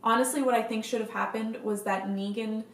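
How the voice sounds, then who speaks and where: Speaking briskly in a fairly high, even-toned voice, a young woman gushes excitedly to camera about something she's a fan of, dropping the odd swear word. The recording has an echoey room sound.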